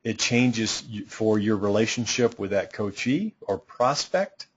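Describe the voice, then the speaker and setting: A man's voice: on the low side, animated, measured pace, slightly rough. A middle-aged man teaching a coaching seminar, talking in a direct, emphatic and playful way. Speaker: coaching instructor. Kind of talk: training seminar talk. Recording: dull lo-fi sound.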